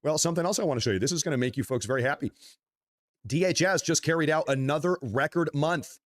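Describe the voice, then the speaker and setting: A man co-hosting a livestream, reading news items in a measured tone and addressing the audience as folks. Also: on the high side, dry recording, clean studio sound.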